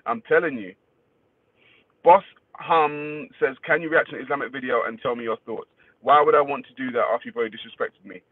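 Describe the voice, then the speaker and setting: With a husky, medium-pitched voice and a brisk delivery, a male livestream host runs a casual stream where he welcomes viewers by name, reads their comments aloud, and curses without restraint. The audio sounds dry and thin, almost like a phone.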